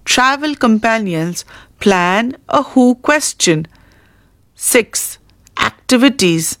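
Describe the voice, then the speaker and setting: A woman reading an English textbook lesson aloud in a slow, careful, instructional way. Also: a little high, a bit bright, no echo, clean studio sound.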